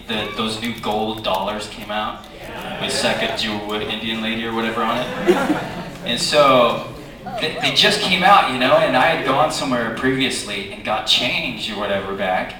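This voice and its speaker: A convention panel guest tells his audience an animated, chatty story, with plenty of fillers and lively leaps in pitch. It was captured from far off in the crowd, so the sound is distant and echoes through the large hall.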